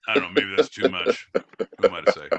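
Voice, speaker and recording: A man hosting a live podcast, bantering loudly in a rambling, profane, joking way. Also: low-pitched, lively intonation, a little fast, muffled recording, a loud crowd. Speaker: podcast host. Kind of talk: casual live-stream banter.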